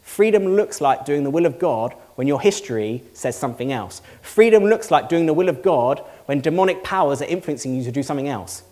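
Speaking to his congregation in a church hall, this pastor is earnest and conversational, firing off rhetorical questions to the room. His voice is fairly high, warm and animated, brisk with few pauses.

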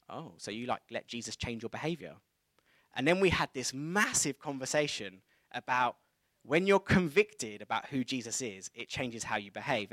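A man delivers a sermon, weaving in a personal anecdote with a lively, chatty manner. His voice sits at an ordinary middle pitch. The sound is close and dry, with no room echo. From England. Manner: conversational storytelling, animated retelling of dialogue. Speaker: preacher.

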